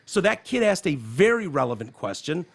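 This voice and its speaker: Gravelly, lively-voiced podcast host. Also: male voice, on the high side, normal speed. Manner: animated, profane, reads quotes aloud. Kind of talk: casual political chat. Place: podcast studio.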